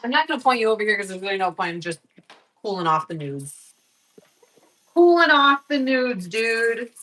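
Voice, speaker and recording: A young woman talks through a cooking vlog in her kitchen, her pitch sitting in an ordinary middle range. She is chatty and swears freely, rambling into animated stories between kitchen tasks. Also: brisk, low-quality recording. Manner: chatty, profane, animated storytelling. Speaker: vlogger. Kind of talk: casual cooking vlog chat. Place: home kitchen.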